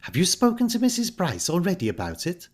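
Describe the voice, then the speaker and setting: A man with a mid-range voice plays an earnest young woman, pitching above his own natural voice. His pitch swoops wildly while his pace stays moderate.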